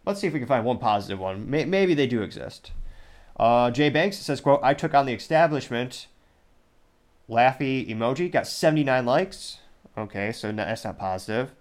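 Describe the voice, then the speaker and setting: A man's voice: mid-range voice, normal speed. A man hosting a podcast, reading viewer comments aloud in casual commentary with wry, incredulous asides. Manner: wry, incredulous, reads quotes in a flat listing way. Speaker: podcast host.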